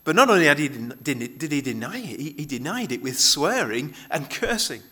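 A man's voice: on the high side, big pitch swings, a little fast, sharp tone, husky. A male pastor giving a conversational sermon, often restarting his phrases as he explains a Bible passage.

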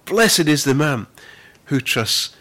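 A man preaching a sermon as pastor, earnest, with frequent repeated words, who slows down to stress the scripture he reads. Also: fairly high pitch, very animated, bright, forceful tone.

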